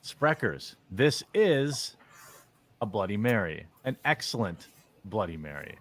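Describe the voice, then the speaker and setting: A man's voice: lowish voice, sing-song, a little slow, a bit bright. A man giving casual commentary as a streamer, blunt and opinionated in a mock-serious way.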